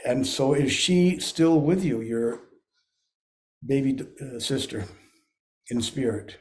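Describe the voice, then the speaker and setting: Slow, mellow-voiced man hosting. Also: mid-range voice. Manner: slow, solemn, measured. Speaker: host. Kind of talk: spiritual podcast hosting.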